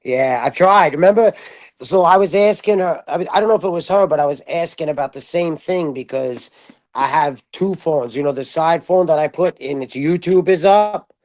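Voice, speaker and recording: A man chatting casually on a group live stream, excitable and rambling with many restarts. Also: fairly high pitch, moderate pace, no room sound. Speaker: stream participant.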